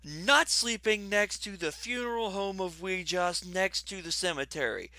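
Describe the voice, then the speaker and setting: A player at a tabletop role-playing game, adding slow, amused comments. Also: medium pitch, sharp tone, dry recording.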